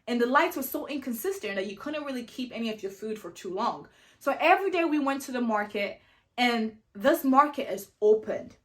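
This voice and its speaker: Young woman vlogging, kinda high voice, super animated, keeps saying like and you know. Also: a little fast. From family from Sierra Leone, raised abroad. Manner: animated, lots of "like" and "you know", acts out quoted dialogue. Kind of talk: casual storytelling to camera.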